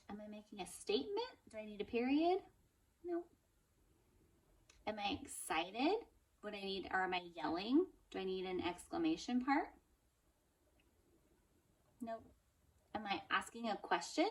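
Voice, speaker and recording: Woman, elementary teacher, recorded phonics lesson; patient, encouraging, models sentences slowly. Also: medium pitch, sing-song. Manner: slow, careful modeling of sentences; encouraging, asks and answers her own questions.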